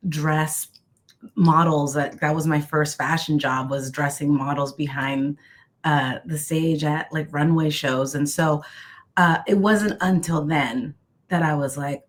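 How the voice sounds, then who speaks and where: A woman from Mexico whose first language is Spanish, a costume designer reflecting on her career in a casual interview, with many fillers and restarts. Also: deep voice. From Tijuana, Mexico.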